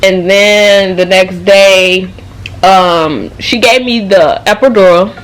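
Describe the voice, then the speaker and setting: A young woman vlogger telling a casual, profanity-laced story in slang, animated and fast-moving. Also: mid-range voice, faint music behind.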